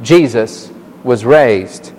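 A man preaching an emphatic, animated sermon as pastor, explaining scripture to his congregation. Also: mid-range voice, very slow, long reverb tail, a little hiss or hum. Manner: emphatic, animated Bible exposition.

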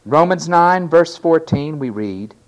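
A man preaching a sermon, stressing key words loudly and then dropping to quiet asides. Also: a little high, expressive, slow pace. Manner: emphatic, swinging between loud stresses and quiet asides.

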